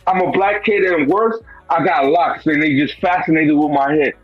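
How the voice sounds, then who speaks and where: A man's voice: on the high side, moderate pace, breathy edge, dry recording, highs cut off, soft background music. A man telling a personal story in a casual, profane, streetwise way, full of "bro" and "you know what I'm saying.". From Brooklyn, New York. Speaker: guest.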